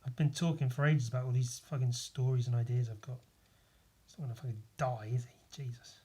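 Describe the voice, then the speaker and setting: A man's voice: medium pitch, fairly even intonation, a little fast, warm tone, breathy edge. A man hosting a solo podcast, congested, rambling casually with a lot of swearing and self-mockery. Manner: rambling, profane, self-mocking. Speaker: podcast host.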